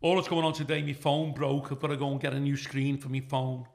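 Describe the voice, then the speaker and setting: Older man, Liverpool accent, gravelly, profane storyteller, echoey room. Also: mid-range voice, brisk. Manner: brash, profane, animated anecdote-telling. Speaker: comedian, guest. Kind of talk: storytelling in a casual interview.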